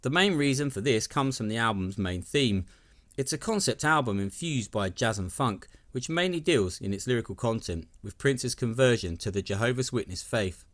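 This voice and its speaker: A man's voice: medium pitch, lively intonation, normal speed, a bit bright. A man giving scripted narration as a video essay host, with enthusiastic, wry commentary.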